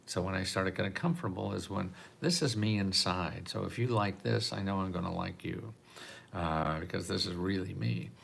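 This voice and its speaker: An older man talking casually to the camera in a rambling way, repeating words and laughing softly now and then. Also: deep voice, moderate pace, vocal fry, husky. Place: apartment in a city.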